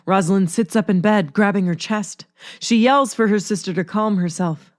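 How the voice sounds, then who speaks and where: A woman narrating a chapter of a story in a steady, measured way. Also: mid-range voice, no room sound, studio quality. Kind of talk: storybook reading.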